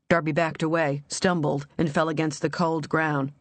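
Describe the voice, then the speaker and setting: Measured woman narrating an audiobook. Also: sits low, level tone, dry recording.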